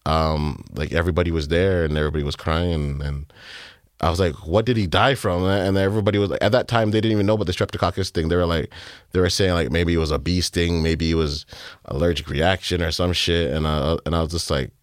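A man in his thirties, a music producer telling a personal story in an interview, speaking haltingly with many fillers and acting out what people said. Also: deep voice, clear, resonant tone, no echo, studio quality. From Canada. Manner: halting, filler-heavy, reenacts dialogue.

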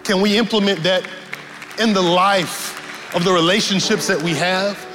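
A male pastor preaching a sermon in a church, animated and humorous, repeating key lines for effect. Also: high voice, a little slow, a crowd in the background. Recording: reverberant hall with faint music.

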